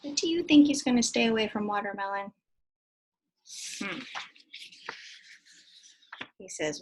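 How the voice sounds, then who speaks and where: A woman teacher reading a picture book aloud to young children in an animated way, stopping to ask them questions. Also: mid-range voice, unhurried, pauses often, slight background noise.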